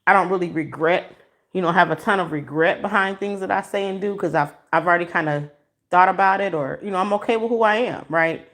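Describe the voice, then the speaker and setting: A woman from Michigan hosting a casual livestream from home, talking to viewers on a phone she holds as she walks around, emotional and expressive with a preachy streak. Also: fairly low pitch, brisk. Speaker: livestream host. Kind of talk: casual livestream commentary to a chat. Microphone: phone held in hand.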